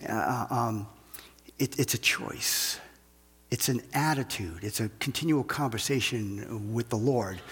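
Male pastor, husky voice, relaxed conversational sermon delivery with lots of restarts and check-ins. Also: mid-range voice, long reverb tail. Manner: conversational preaching with frequent restarts and "okay?" checks.

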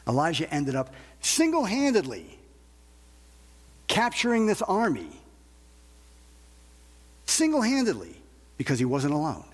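A man's voice: on the high side, wildly swooping pitch, a little slow, long pauses, breathy edge, in a large hall. A man preaching a sermon in a conversational way, asking rhetorical questions and often restarting his sentences. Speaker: pastor.

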